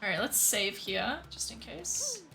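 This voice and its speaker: A woman's voice: a little high, very animated, measured pace, vocal fry, over music. A woman streamer chatting casually while playing a video game, giggly, self-mocking and swearing freely. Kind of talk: casual gameplay commentary.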